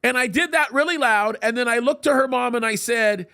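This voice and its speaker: A middle-aged man hosts a live talk show, and his voice sits unusually high with a gravelly edge. He speaks emphatically, doubling up words at the start of his sentences as he tells stories and explains his views. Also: a little fast, sharp tone. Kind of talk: live commentary and storytelling.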